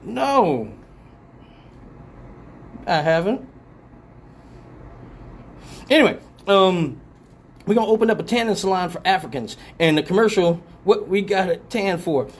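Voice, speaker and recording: Animated, profane comedic talk-show man. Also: sits high, measured pace, pauses often, a little hiss or hum. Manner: animated, profane rambling storytelling. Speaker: live show host.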